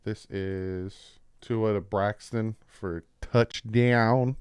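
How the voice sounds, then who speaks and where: A man with a New Jersey accent casually breaking down football practice clips as a channel host, explaining plays with excitement. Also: fairly low pitch, very slow, a little hiss or hum. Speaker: sports commentator.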